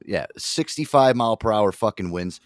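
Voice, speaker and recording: Animated, swearing male radio host. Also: fairly low pitch, moderate pace, dry recording, studio quality. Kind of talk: casual profane storytelling.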